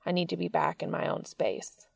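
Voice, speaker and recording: A woman reading the lines of an intense, tender adult male writer in a story, in her own low voice. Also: fairly even intonation, normal speed, gravelly, slightly rough, no room sound, clean studio sound, exaggerated voice. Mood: earnest.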